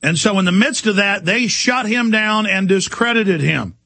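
A man's voice: high voice, moderate pace, pushed and bright, no room sound. A man delivering an impassioned, indignant talk radio monologue as the show's host.

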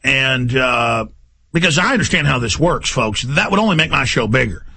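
A man hosting a talk show, delivering an impassioned, ranting monologue with forceful, repeated emphasis. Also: medium pitch, expressive, normal speed, creaky, slightly rough.

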